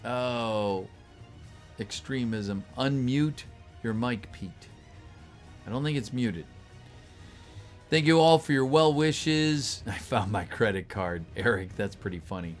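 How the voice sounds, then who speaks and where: A man's voice: mid-range voice, animated, slow, long pauses, faint music behind. A man chatting casually with his livestream viewers, reading their messages aloud and greeting them, his voice a little tired. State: voice getting tired. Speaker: voice actor reading a script on a livestream.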